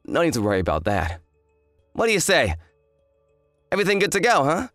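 A man's voice: on the high side, wildly swooping pitch, brisk, a bit bright, dry recording, studio quality, faint music behind. A man voicing an arrogant, hungover young fiancé who talks in a smug, dismissive drawl. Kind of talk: dramatized story voice acting.

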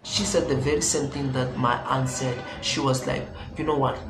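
A man's voice: mid-range voice, fairly even intonation, normal speed, loud music behind the voice. A young man telling a storytime vlog in a rambling way, repeating phrases and correcting himself. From South Africa. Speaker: vlogger. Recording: echoey room with background noise.

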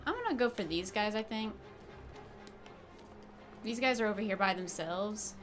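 A woman host giving casual, excitable let's play commentary, chatty and swearing freely. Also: medium pitch, moderate pace, soft background music. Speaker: gaming video host.

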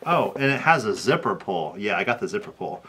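A man's voice: on the low side, big pitch swings, fairly quick, sharp tone, slightly rough. A man co-hosting a casual needlework chat show, laughing easily and showing off items to the camera. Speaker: co-host.

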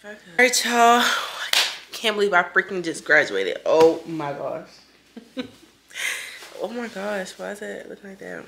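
A woman's voice: medium pitch, sing-song, measured pace, creaky, pauses often, fairly bright tone, slight background noise. A young woman chatting through a casual day-in-the-life vlog, bubbly and full of exclamations. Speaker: vlogger. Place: beauty store.

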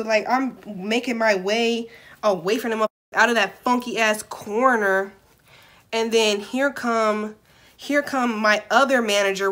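A young woman vlogger telling a storytime in an animated, profane, dramatic way. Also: a little high. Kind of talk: storytime vlog.

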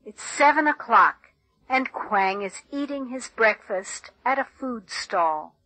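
A woman reads a textbook passage in a clear, deliberate way. Her voice is bright and lively in pitch, and she takes it slowly. The sound is dry and close. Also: no echo, rough recording. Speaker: textbook audio reader. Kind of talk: scripted textbook narration.

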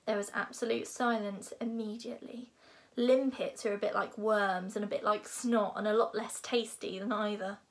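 A woman reading a children's novel aloud in a lively, expressive way. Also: medium pitch, normal speed. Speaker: reader.

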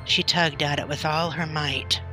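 A woman reading a classic children's novel aloud in a gentle, deliberate storytelling manner. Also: deep voice, steady tone, music in the background. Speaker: storybook reader.

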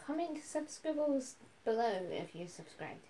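A woman's voice: high voice, sing-song, a little slow, dark tone, low-quality recording. A young woman who chimes in with teasing, dry comments while her friend records.

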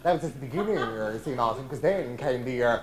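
An actor playing a camp, waspish older English comic with a drawn-out theatrical delivery. He gossips crudely and swings into indignant outbursts. Performed live on stage as a monologue. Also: mid-range voice, animated, a crowd in the background, lightly acted. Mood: confiding gossip. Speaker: stage actor in a one-man show.

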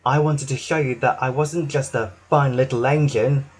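A man's voice: mid-range voice, fairly even intonation, normal speed, slightly rough, lightly acted. A man doing a small huffy tank engine. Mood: soft. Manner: huffy and stubborn. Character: small proud young male tank engine.

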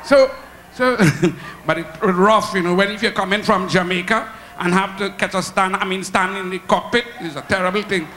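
Bright-voiced Trinidadian comedian. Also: male voice, high voice, normal speed, a little hiss or hum. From Trinidad and Tobago. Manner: animated, laughs at his own jokes. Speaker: stand-up comedian. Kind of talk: stand-up comedy storytelling. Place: comedy show stage.

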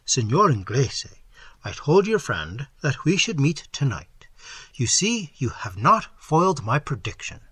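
A man reading an audiobook, voicing a mysterious all-knowing sage who speaks slowly and solemnly. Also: medium pitch, big pitch swings, a bit bright, breathy edge, no echo, heavily acted. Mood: grave. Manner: slow, solemn, measured.

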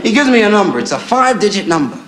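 A man performing live stand-up, telling a story in a playful, animated way. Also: high-pitched, rapid-fire. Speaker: stand-up comedian. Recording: noisy live recording with audience laughter.

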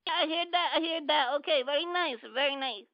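A woman's voice: sits high, fairly quick, no echo, close to an everyday voice. A woman putting on a broken-English foreign persona to taunt someone on a prank phone call. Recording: dull phone-line audio.

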